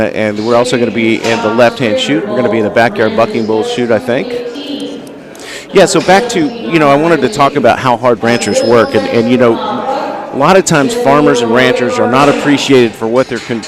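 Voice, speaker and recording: A man's voice: medium pitch, fairly quick, music in the background. A man with a Southern US accent giving folksy, rambling live commentary at an outdoor bucking bull event. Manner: folksy, rambling, lots of fillers. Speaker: livestream commentator.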